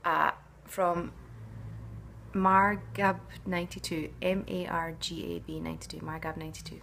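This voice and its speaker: Gravelly, lowish-voiced actress musing casually. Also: female voice, flat delivery, moderate pace, a bit bright, a little hiss or hum. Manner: chatty and musing, with frequent hesitations. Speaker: actress answering fan questions. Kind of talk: casual fan Q&A to camera.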